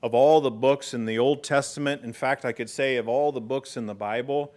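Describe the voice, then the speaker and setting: Earnest middle-aged preacher giving a sermon. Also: male voice, medium pitch, fairly even intonation, fairly quick, hardly any pauses, darkish tone. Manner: earnest storytelling preacher, rising in emphasis. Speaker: pastor. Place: church sanctuary.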